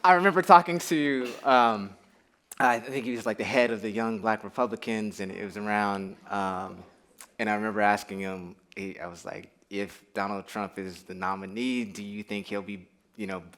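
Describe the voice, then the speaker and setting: Lively male panelist telling stories. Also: fairly low pitch, normal speed. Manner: animated storyteller, laughs often. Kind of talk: live panel discussion. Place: on stage in a town hall venue.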